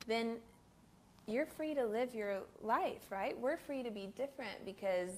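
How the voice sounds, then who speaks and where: A woman's voice: on the high side, measured pace, a little mellow. A woman guest in an interview conversation, talking in an earnest, reflective way and laughing easily. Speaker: guest, recording artist. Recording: faint background noise.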